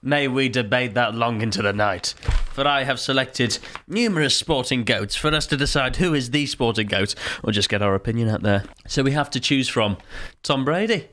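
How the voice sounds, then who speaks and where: A man hosting a comedy podcast, leading segments in brisk, jokey casual banter. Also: mid-range voice, bright, forceful tone. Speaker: podcast host.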